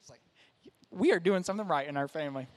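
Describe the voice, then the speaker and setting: A man's voice: fairly high pitch, rapid-fire. A young man, a pastor, preaching a sermon in a conversational, self-deprecating way. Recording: reverberant hall.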